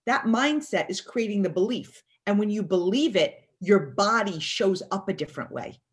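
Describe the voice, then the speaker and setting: A woman's voice: mid-range voice, expressive, moderate pace. A woman as an interview guest, talking emphatically about mindset and acting out people's thoughts in quotes. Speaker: guest speaker. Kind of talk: motivational interview talk.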